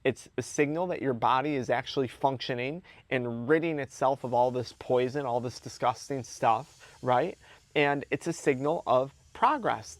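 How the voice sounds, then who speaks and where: A man's voice: mid-range voice, no echo. Earnest male coach, dry close sound. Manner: earnest, emphatic, repeats key words for stress. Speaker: addiction recovery coach. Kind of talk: motivational talk to camera.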